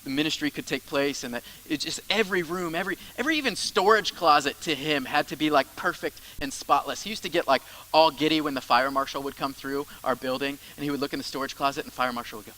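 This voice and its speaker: A man's voice: on the high side, quick pace, few pauses, pushed and bright, low-quality recording. A man preaching a sermon as the church's pastor, in a conversational style with asides and repeated phrases.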